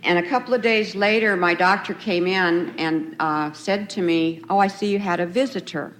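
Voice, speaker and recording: A woman's voice: fairly low pitch, fairly even intonation, moderate pace, a bit bright. A middle-aged woman sharing her recovery story at a retreat, telling it in a loose conversational way with frequent laughs. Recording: faint noisy 1990s tape recording.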